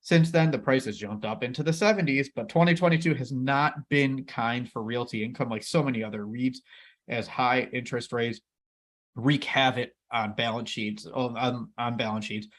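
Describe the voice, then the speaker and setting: This man co-hosts a laid-back investing chat at a medium pitch and normal speed. He's enthusiastic, speaking directly to viewers and calling them "everybody."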